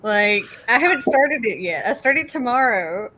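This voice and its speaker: A woman's voice: a little high, lively intonation, moderate pace, bright, forceful tone, rough recording. A woman chatting casually on a video call, friendly and giggly. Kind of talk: casual chat.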